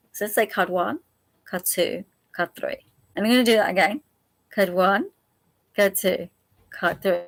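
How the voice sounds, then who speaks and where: Chatty woman reading angel cards. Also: fairly high pitch. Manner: warm, chatty, laughs often, speaks directly to viewers; repeats options slowly and gently. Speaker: angel card reader hosting a live stream. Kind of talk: chatty live card reading.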